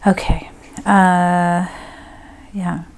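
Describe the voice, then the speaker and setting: Speaking in a lowish, level, clean voice, a female medium works through a group reading, thinking out loud in a relaxed, halting manner full of pauses and filler words.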